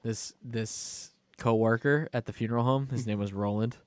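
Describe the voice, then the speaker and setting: A man's voice: medium pitch, fairly even intonation, normal speed, clear, resonant tone, no echo. A man co-hosting a podcast in loose, jokey casual chat, who often slips into impressions of other people. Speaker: podcast co-host.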